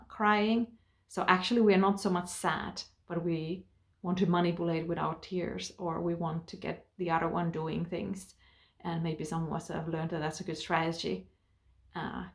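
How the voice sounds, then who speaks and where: Woman therapist, lower voice; gentle, unhurried advice, pausing to think. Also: creaky. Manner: calm, gentle, thoughtful with frequent pauses and fillers. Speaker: therapist and trainer. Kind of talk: advice talk to camera.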